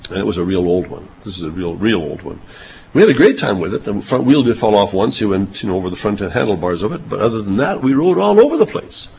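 An older man delivers a sermon in a folksy, chuckling manner, his voice rising and falling with lively pitch. The recording is a little dull, with faint noise in the background. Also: fast, creaky. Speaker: preacher.

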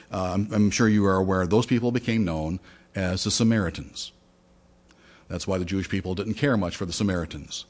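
A male pastor giving a conversational sermon to his congregation, asking questions and retelling a parable. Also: mid-range voice. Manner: conversational, with fillers and restarts.

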